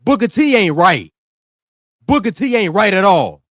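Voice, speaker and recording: Brief: young male wrestling podcast host, scolding and slangy, fairly high voice, dry close sound. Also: big pitch swings, a little slow, dry recording. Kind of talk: casual ranting commentary.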